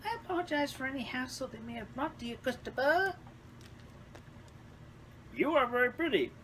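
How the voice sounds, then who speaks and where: A woman's voice: high voice, expressive, moderate pace, a bit bright, slight background noise, pitched above the performer's own voice. A woman voicing a fussy, overly polite mother character in a homemade story reading. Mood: sugary.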